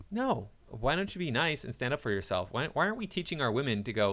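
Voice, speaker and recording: An opinionated man reads out a list and gives his take on each point, with frequent chuckles along the way. His voice is bright and forceful, with a middle-range pitch. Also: very animated, fairly quick, few pauses. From United States. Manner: opinionated, chuckles often between remarks. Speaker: commentator. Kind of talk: reading a list aloud and commenting.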